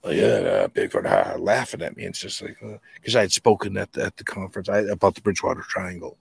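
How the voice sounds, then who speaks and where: A man from New England with a Boston accent, a podcast guest telling rambling, animated anecdotes in casual conversation. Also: deep voice, quick pace, gravelly, breathy edge, dry recording. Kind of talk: casual storytelling.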